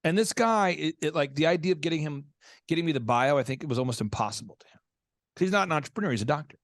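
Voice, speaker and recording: A man's voice: fairly high pitch, dry recording, clean studio sound. A man hosting a business podcast, telling stories with energy and acting out the people he quotes. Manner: acts out quoted voices, fast and energetic. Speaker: podcast host. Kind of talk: animated storytelling.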